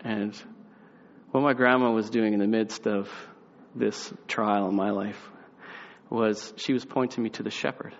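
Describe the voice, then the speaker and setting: Young man, preacher, animated storytelling, muffled sound, long hall reverb. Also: on the low side, a little slow. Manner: animated storytelling, acts out voices, drops quiet for reflection. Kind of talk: sermon with a personal story.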